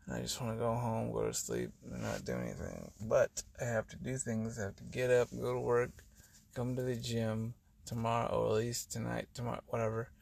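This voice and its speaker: A man's voice: medium pitch, little pitch movement, a little fast, vocal fry, a little mellow. A tired man hosting a podcast, rambling through a personal monologue with sighs and trailing thoughts, his words sometimes running together. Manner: words run together at times. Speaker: podcast host.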